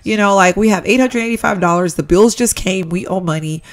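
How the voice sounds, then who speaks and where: A woman's voice: mid-range voice, brisk, close to an everyday voice. A woman voicing a tired, irritable young husband in a life-simulation game, grumbling and stubborn.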